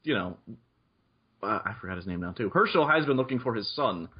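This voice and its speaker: A man's voice: on the low side, expressive, a little fast, slightly rough, highs cut off. A man making dry, wry remarks and explaining the story notes while playing a tabletop game with friends. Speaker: tabletop game player who keeps the notes. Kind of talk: casual chat during a tabletop story game.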